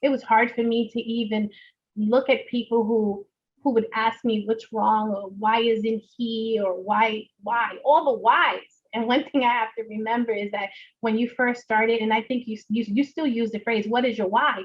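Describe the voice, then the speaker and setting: A woman's voice: fairly high pitch, fairly even intonation, normal speed. Earnest New York woman, muffled call. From the Bronx, New York. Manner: earnest, repeats phrases for emphasis. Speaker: guest, notary signing agent. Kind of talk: emotional personal testimony.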